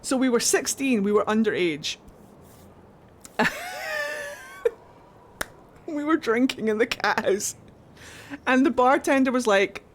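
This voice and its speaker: A woman streamer in casual chat, swearing freely as she tells an animated story. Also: fairly high pitch, takes it slowly, pauses often, slight background noise.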